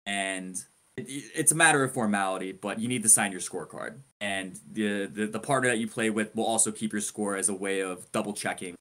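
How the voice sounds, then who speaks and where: A man co-hosting a podcast, telling a story in a casual way and building suspense with dramatic emphasis and animated, indignant asides. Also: on the low side. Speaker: podcast co-host.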